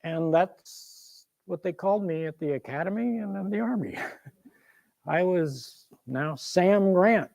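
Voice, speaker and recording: A man's voice: sits high, lively intonation, slow, vocal fry, a little mellow, dry recording, full character voice. An actor playing an older Civil War general who recounts his youth in a wry, folksy, self-deprecating stage monologue. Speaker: performer of a one-man historical show.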